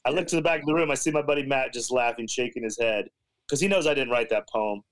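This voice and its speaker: A male stand-up comedian telling a story as a guest in casual chat, animated, acting out quotes, swearing freely. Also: mid-range voice, fast, poor audio.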